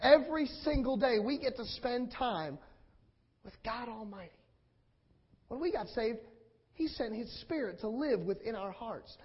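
A man's voice: extremely high pitch, slightly rough. A man preaching a sermon with passion, repeating phrases in rhetorical build-ups and acting out the quotes. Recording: dull lo-fi sound.

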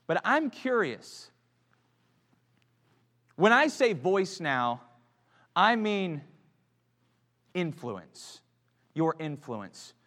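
Man preaching a sermon, high and very expressive, swinging from hushed to loud, reverberant church. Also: very slow, pauses often. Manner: dramatic swings between hushed and loud emphatic delivery. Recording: church sanctuary with long reverb.

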